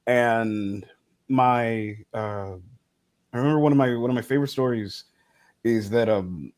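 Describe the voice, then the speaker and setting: A man's voice: mid-range voice, a little slow, darkish tone. A man on a video call chatting casually as a cast member, laughing often and poking fun at himself. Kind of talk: casual group chat.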